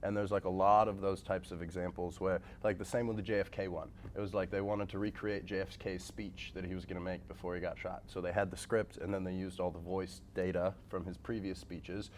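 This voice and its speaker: A man's voice: sits low, fairly quick, hardly any pauses, a little hiss or hum. A man chatting casually about data work, peppering his talk with fillers. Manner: relaxed, chatty, many fillers like "right?" and "like". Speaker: head of data and tech at an ad agency. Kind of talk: casual conversation.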